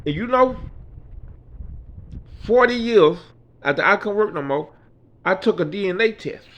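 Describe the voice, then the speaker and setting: A man's voice: high voice, animated, measured pace. A man in his sixties rambling through a personal story in a casual, folksy way, quoting himself and others. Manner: rambling, folksy, quotes people with "I say". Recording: dull lo-fi recording.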